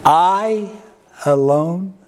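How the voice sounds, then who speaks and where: Preacher doing a desperate prophet, pitched high, pleading and strained. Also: male voice, very slow, darkish tone. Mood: anguished. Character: despairing male prophet crying out to God.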